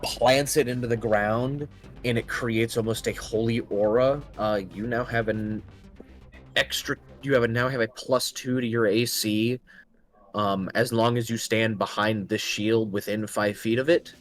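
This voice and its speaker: A man narrating a tabletop game as game master, halting often with ums and restarts. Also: medium pitch, steady tone, faint music behind.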